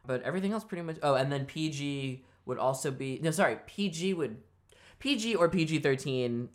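A woman's voice: low-pitched, lively intonation, brisk. Casual, swearing podcast co-host woman. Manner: reads prepared history with casual asides and swearing. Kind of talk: casual podcast chat, reading notes.

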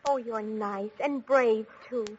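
A gentle young princess, high breathy voice, old radio. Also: female voice, slow pace. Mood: sweet. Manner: sweet, earnest. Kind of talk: 1940s radio acting. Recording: dull old radio broadcast.

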